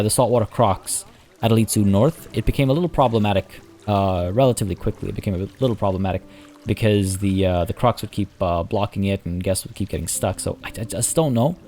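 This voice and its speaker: Man, let's play host, casual gameplay commentary, rambling and chatty, lots of fillers, low-pitched, dark warm voice.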